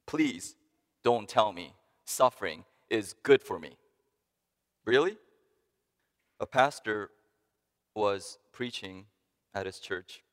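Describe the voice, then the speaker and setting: A man preaching a sermon, animated, climbing to emphatic peaks and dropping to quiet asides. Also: fairly low pitch. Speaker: pastor. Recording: long hall reverb.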